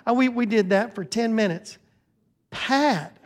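A man with a notably high voice preaches to his congregation, lively and joking as he calls people up front. His handheld mic rings out with a long reverb through the church sanctuary. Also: measured pace. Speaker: pastor. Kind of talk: sermon with announcements.

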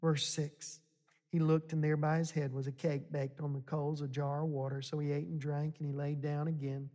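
A man's voice: on the high side, little pitch movement, dark tone. A man preaching a sermon, talking to the congregation in a conversational way and building to emphatic points. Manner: slow, conversational, rising to emphatic exhortation. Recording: long hall reverb.

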